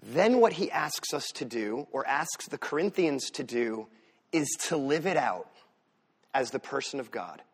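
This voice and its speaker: A man preaching a sermon as pastor, swinging from loud emphatic lines to soft asides. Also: mid-range voice, measured pace, breathy edge. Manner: animated preaching, rises loud for emphasis then drops soft.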